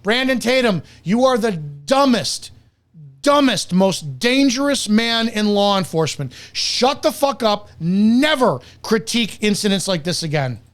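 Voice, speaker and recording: A man's voice: high-pitched, sing-song, a little slow. A man hosting reaction commentary, heated and profane, berating the person he is reacting to. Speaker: commentator and host.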